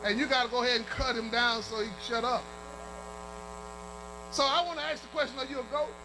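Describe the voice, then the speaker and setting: A man preaching a fervent sermon, chanting and shouting to his congregation and calling for amens. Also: very high-pitched, fairly even intonation, a little fast, noisy background. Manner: calls out to the congregation.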